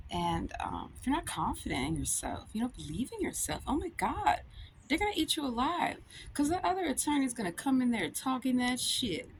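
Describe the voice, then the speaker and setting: A woman in a casual rant to camera, blunt and profane, laughing often, talking as a law student and comedian. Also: sits high. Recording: noisy with vehicle sounds behind.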